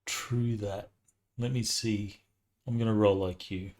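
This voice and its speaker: A man's voice: fairly low pitch, steady tone, takes it slowly, darkish tone. A man speaking as a player in a tabletop game, matter-of-fact. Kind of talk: casual tabletop play.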